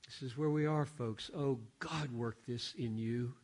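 A man preaching a sermon, swinging from hushed asides to loud, emphatic exclamations. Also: mid-range voice, unhurried.

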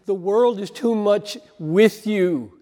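A man preaching a sermon on a Bible passage, earnest and emphatic, with deliberate pauses between phrases. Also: sits high, warm tone. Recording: long hall reverb.

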